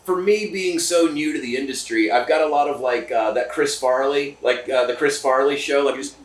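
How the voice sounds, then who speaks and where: A man's voice: mid-range voice, moderate pace. Chatty enthusiastic man in a roomy distillery. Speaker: podcast host. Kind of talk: casual chat. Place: distillery room. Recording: roomy, distant mic.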